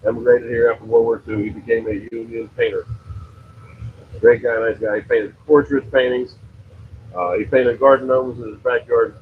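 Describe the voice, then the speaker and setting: A man's voice: mid-range voice, little pitch movement, moderate pace, phone-quality sound, slight background noise. A middle-aged man from western Pennsylvania telling a long, rambling story about his pizza shop, with many fillers and self-corrections. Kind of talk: casual storytelling on a livestream.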